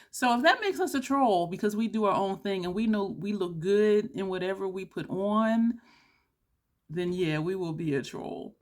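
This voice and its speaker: A woman beauty vlogger chatting excitedly to camera, loud and playful, dropping "y'all" and the odd curse. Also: fairly low pitch. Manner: loud, excitable, says she is yelling; drawling, southern-style "y'all" chatter, playful cursing. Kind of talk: excited casual chat to camera.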